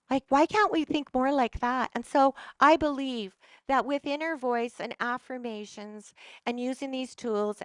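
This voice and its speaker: A middle-aged woman gives a motivational talk to an audience, earnest and emphatic, and she often restarts her phrases. Her voice sits a little high and comes through smooth and clear. The recording is close and dry. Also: no room sound. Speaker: holistic practitioner.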